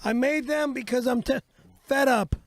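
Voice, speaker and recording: A man's voice: very high-pitched, normal speed. A man co-hosting a comedy show, bickering indignantly and swearing a lot. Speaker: co-host.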